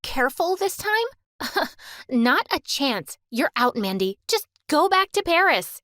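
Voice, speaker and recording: A woman's voice: very animated, takes it slowly, sharp tone, no echo, clean studio sound, heavily acted. A woman voicing a spiteful, bossy teenage cheerleader girl who mocks and shrieks at others. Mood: furious. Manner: mocking, shrill and bossy.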